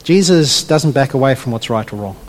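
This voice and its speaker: A man preaching a sermon to a congregation. He is animated and drops his voice low when he retells a story. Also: fairly quick, in a large hall. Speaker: pastor.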